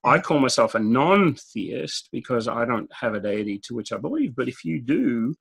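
A man's voice: mid-range voice, big pitch swings, normal speed, creaky, slightly rough. A man with an Australian accent, a guest speaker telling stories in a direct, talkative way and laughing at his own jokes. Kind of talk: conversational storytelling interview.

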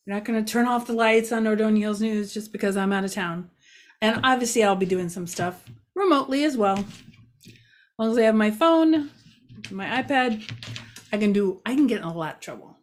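A woman's voice: mid-range voice, normal speed, slight background noise. A woman giving a casual local news update outdoors near a parking lot, chatty and rambling, with many fillers and self-mocking asides.

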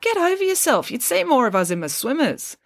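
A woman's voice: sits high, big pitch swings, fairly quick, dry recording, voice pushed up. A woman reading as a dry, pedantic schoolgirl. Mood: matter-of-fact. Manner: precise, dry and literal. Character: pedantic, clever schoolgirl, matter-of-fact and unflappable. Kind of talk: audiobook character voice.

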